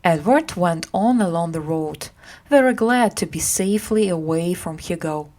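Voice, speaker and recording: A woman reading a simplified classic story aloud for English learners, acting out the characters as she goes. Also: moderate pace. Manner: acts out characters with lively pitch.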